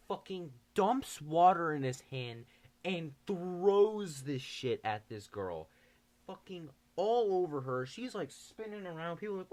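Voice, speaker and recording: A young man telling a story on his channel, animated and full of swearing. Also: mid-range voice, unhurried. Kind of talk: casual storytime.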